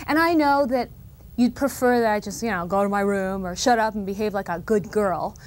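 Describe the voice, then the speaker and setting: A woman's voice: mid-range voice, a little fast, lightly acted. A woman playing an earnest, precocious little girl who lectures her parents in a solemn, mock-formal comic monologue. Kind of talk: comedic monologue.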